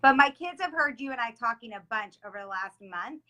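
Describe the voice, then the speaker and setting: A woman hosting a live video stream, upbeat and gushing, often saying how excited she is, talking over a video call from home. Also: a little high, fairly quick. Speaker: host. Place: home in South Florida.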